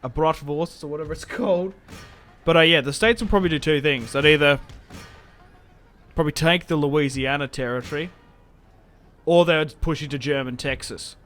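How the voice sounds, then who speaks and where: A man's voice: on the high side, normal speed, long pauses, fairly bright tone. Young man, casual gameplay commentary, chatty and joking, faint game music behind. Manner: chatty, joking, self-interrupting. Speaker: gaming channel host.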